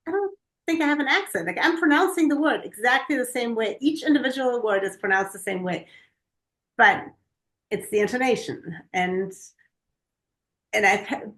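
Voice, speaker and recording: A woman's voice: mid-range voice, a bit bright. A woman from Germany, a native German speaker, telling a story animatedly while co-hosting a podcast. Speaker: podcast co-host. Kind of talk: casual chat.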